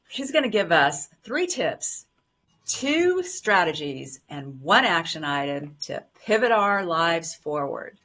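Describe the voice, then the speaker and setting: A woman hosts a talk show with an enthusiastic, effusive manner. Her voice comes across bright and forceful. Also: on the low side. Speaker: host.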